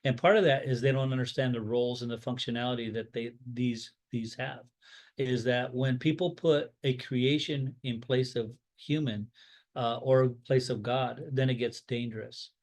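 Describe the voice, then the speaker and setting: A rabbi teaching a Bible study in a loose, conversational way, full of fillers and restarts, voicing strong opinions and telling stories. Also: male voice, medium pitch, moderate pace. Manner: rambling, off-the-cuff, with many fillers and restarts; opinionated, tells stories with lively acted-out dialogue. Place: Florida.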